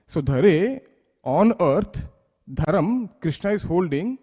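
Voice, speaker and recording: A man's voice: sits high, lively intonation, slow, warm tone, husky, big-room sound. A man giving a devotional scripture class, explaining words step by step and asking the listeners questions. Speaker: temple class speaker. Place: temple hall.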